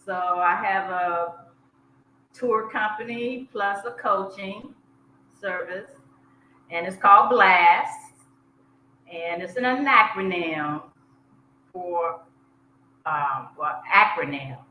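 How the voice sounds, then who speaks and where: A woman from South Georgia with a Southern US accent, a podcast guest chatting in an easy, unhurried way and laughing at herself. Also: lowish voice, bright, forceful tone. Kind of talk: casual interview chat. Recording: echoey room with faint hiss.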